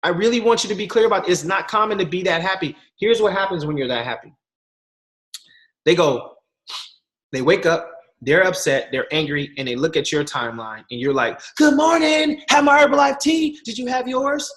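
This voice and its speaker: A man's voice: fairly high pitch, a little fast. A young man giving a casual motivational talk as a guest speaker, telling stories with voiced quotes. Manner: animated storytelling with voiced quotes, slangy.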